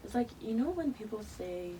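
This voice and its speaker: A teenage girl from Nigeria telling stories in a casual group discussion, gently wry. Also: fairly high pitch, expressive, moderate pace. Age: teens. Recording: distant mic with background noise.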